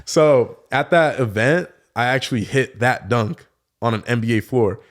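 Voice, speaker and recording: A man's voice: medium pitch, unhurried. A young man talking in a casual podcast conversation, telling stories loosely with lots of "like" fillers. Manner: relaxed storytelling, many fillers like "like". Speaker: guest, professional dunker.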